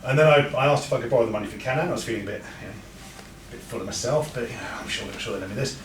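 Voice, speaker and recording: Racing along in a mid-range voice, a man speaks to an audience at a breeders' talk, chatty and full of anecdotes, with frequent stammered restarts. The event room is echoey, the mic is distant, and there's background noise.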